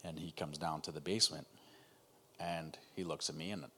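A man with a notably deep, low-pitched voice recounts a hard personal experience on a video call. He talks haltingly, pausing and restarting as the emotion catches up with him. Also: fairly even intonation, sharp tone, slightly rough. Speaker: guest telling his story. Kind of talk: personal testimony in a conversation.

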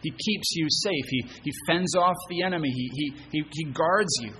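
A man's voice: fairly high pitch, moderate pace, bright, forceful tone, long reverb tail, slight background noise, rough recording. A man preaching a sermon as pastor. He speaks earnestly, poses rhetorical questions and often repeats words as he rephrases. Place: church sanctuary.

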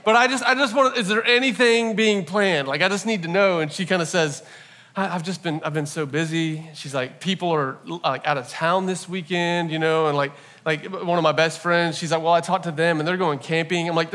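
A man in his forties preaching a sermon, opening with an earnest, animated personal story. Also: on the high side, moderate pace. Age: 40s. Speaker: pastor.

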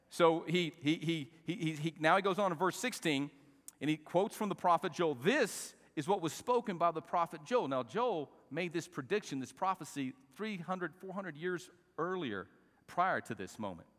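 Here a male pastor's sermon swings between soft conversation and shouted sections as he calls on the congregation to repeat lines. He speaks at a normal speed in a fairly high pitch with lively intonation, trailed by long reverb.

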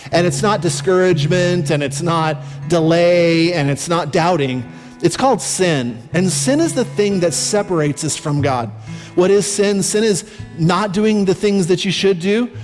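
A man with a notably high voice delivers a sermon as a pastor. His talk is casual and conversational, stretching out key phrases for emphasis. The sound carries a long reverb from a large hall, with faint music in the background. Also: darkish tone. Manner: conversational preaching, slows down for emphasis.

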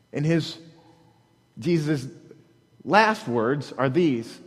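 A man preaching a sermon as a pastor, earnest and halting, often repeating words as he restarts, breaking into dramatic quoted prayers. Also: on the high side, expressive, husky, in a large hall.

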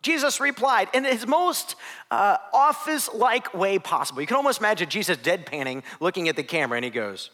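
Animated high-voiced male preacher. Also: brisk. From Ohio. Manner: animated, acts out voices with big swings from soft to loud. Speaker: youth pastor. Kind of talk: sermon.

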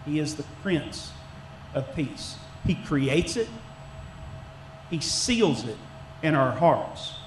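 Middle-aged man, church elder giving a sermon; chatty, high voice, echoey room with faint noise. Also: very animated, takes it slowly, pauses often. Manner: conversational, folksy, with many restarts and fillers. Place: church sanctuary.

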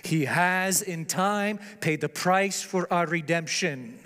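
A man preaching a sermon whose delivery swings from loud declarations down to hushed, low tones. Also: takes it slowly, in a large hall.

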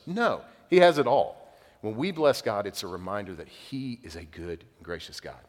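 A young adult man preaching a sermon as a pastor, talking casually and telling stories with lively bursts, then dropping to quiet emphasis. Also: mid-range voice, normal speed, big-room sound. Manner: conversational, animated storytelling with sudden quiet emphasis.

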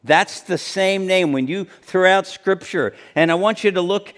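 A man delivering a sermon from the pulpit, earnest and emphatic. His voice sits a little on the high side for a man. He repeats key words and restarts sentences as he works through the passage. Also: measured pace, fairly bright tone. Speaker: pastor.

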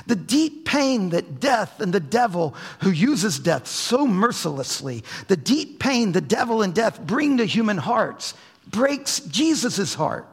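A man preaching a sermon with a high, gravelly, husky voice, swinging between quiet low passages and raised emphatic lines. His words carry a long hall reverb from the church sanctuary. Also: sing-song, takes it slowly. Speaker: pastor.

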